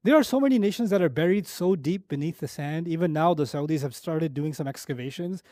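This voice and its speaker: A middle-aged man gives a Quran lecture in a high, lively voice. He tells stories with rising emphasis, then sinks to quiet, low moments to land a point. The sound is dry and close, with no room around it. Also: quick pace, hardly any pauses, no room sound. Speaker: Quran teacher.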